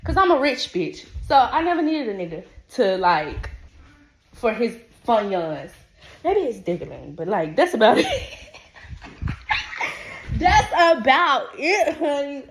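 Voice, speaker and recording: A woman hosting a podcast, talking in a brash, profane, sassy monologue about loving herself. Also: a little high. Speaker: podcast host. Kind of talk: unscripted motivational monologue.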